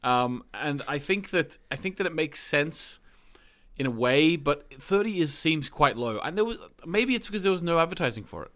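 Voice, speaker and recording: A man co-hosting a film podcast in casual chat, speaking haltingly with restarts and soft, trailing endings. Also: on the high side, sing-song. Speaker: podcast co-host.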